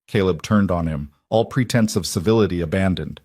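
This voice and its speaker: Brief: male storyteller, lowish voice, measured and dramatic, dry close sound. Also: darkish tone, slightly rough, dry recording. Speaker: narrator. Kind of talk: scripted audiobook narration.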